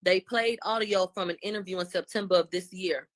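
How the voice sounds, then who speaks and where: A woman's voice: fairly low pitch, fairly quick. Woman casually recapping court testimony. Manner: animated retelling in loose slangy speech.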